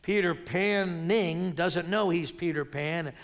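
A man's voice: a little high, slow pace. A middle-aged man preaching a sermon as pastor, in a conversational way with stumbling restarts when he tells stories.

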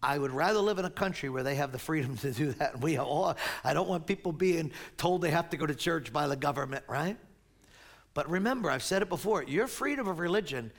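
Male pastor, gravelly and fairly high, animated sermon delivery with whispers and shouts. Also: brisk.

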